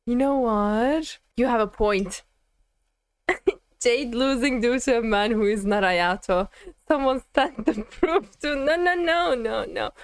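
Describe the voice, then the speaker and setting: A woman's voice: fairly high pitch, dry recording. A young woman streaming a game and reacting, giggling, flustered and gushing in casual commentary.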